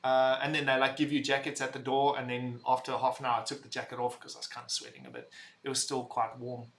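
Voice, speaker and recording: A young man hosting a casual livestream, reading chat messages aloud, loud and rambling, laughing and swearing as he talks. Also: mid-range voice, level tone, fast talker. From visitor to the UK.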